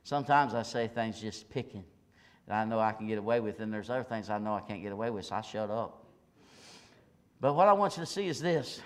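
An older man preaching a Pentecostal sermon in a church service, swinging from hollered peaks to low, confiding asides. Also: animated, brisk, long reverb tail. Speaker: pastor.

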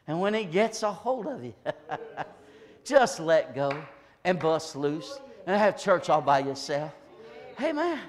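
An older man preaching a Pentecostal sermon in a church service, swinging from hollered peaks to low, confiding asides. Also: in a large hall. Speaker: pastor.

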